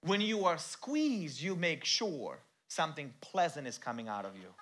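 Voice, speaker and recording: A man preaching a sermon in a church. He talks directly to the congregation and swings between quiet, intimate passages and loud, shouted emphasis. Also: fairly high pitch, sing-song, measured pace, few pauses. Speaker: pastor.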